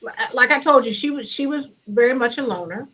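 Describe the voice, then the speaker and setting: A middle-aged woman guest speaker telling a personal story over a video call, animated and laughing as she gets louder. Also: a little high, a little fast, rough recording. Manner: animated, grows loud and laughing in retelling. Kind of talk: storytelling in a conversation.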